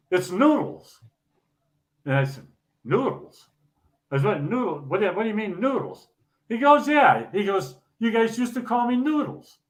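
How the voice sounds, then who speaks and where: A man, a retired bowling pro, telling stories in casual chat, laughing often and repeating words as he goes. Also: high voice.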